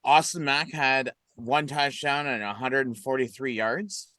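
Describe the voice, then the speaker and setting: A man's voice: medium pitch, a little slow, bright, forceful tone, dry recording. A man co-hosting a casual sports podcast, reading out game stats and adding short comments. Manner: reads out game stats, brief interjections. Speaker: podcast co-host.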